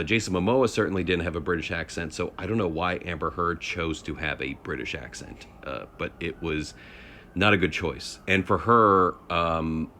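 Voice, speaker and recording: A man's voice: low voice, a bit bright, a little hiss or hum. A man giving a casual spoken rant, rambling and hesitant with many fillers. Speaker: vlogger.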